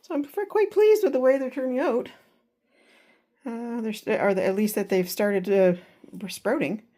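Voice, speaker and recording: Slightly out of breath, a vlogger in her home's upstairs spare room rambles through a casual weekly garden update, hesitating often with fillers and restarts. Her voice is warm and on the high side, and she keeps a measured pace.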